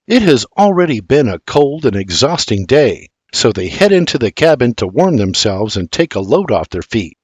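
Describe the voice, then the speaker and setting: Expressive older man narrating an audiobook. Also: medium pitch, normal speed, hardly any pauses, slightly rough, no room sound. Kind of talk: scripted storybook narration.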